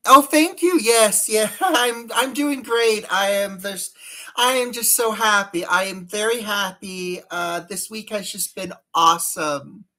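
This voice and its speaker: A woman's voice: mid-range voice, a little slow, sharp tone. A woman chatting casually on a live stream while doing her makeup, rambling and greeting viewers by name.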